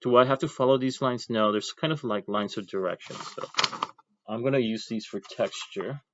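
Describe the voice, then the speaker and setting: A man's voice: mid-range voice, moderate pace, no echo, lo-fi sound. A man teaching an ink drawing class, talking casually as he draws and thinking aloud with chatty asides. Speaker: art teacher.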